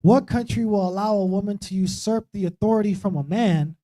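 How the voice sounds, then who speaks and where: A preacher with a high, mellow voice talks briskly while leading a relaxed Bible study. The setting is a streamed church talk show, and his style is conversational, with constant "right?" check-ins.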